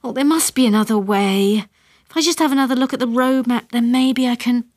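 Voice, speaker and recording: A woman voicing an anxious, whiny middle-aged English mother who complains in a shrill voice in a read-aloud story. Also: big pitch swings, a little slow, no echo, clean studio sound. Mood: whining.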